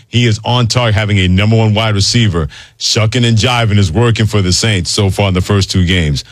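A low-pitched male radio host speaking close to a studio mic. His voice sounds dry and direct. He moves easily between conversational talk and brisk promo reads. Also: no echo. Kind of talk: sports talk radio hosting.

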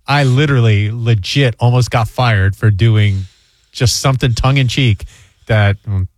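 A man's voice: medium pitch, normal speed, no echo. A man from New York, a radio host in casual chat, telling stories animatedly and acting out what others said. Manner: animated storyteller, acts out quoted voices.

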